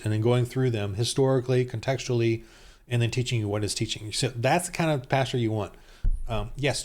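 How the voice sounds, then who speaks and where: A man hosting his own channel, delivering an angry, indignant rant that keeps restarting sentences and swings between raised outbursts and low muttered asides. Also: a little mellow. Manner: heated and indignant, with many repeated restarts. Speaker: YouTube channel host.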